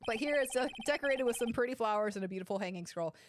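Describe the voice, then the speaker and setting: A woman's voice: fairly high pitch, expressive, racing, background noise. A woman casually commenting through a game playthrough, chatty, giggly and self-deprecating. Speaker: gaming streamer.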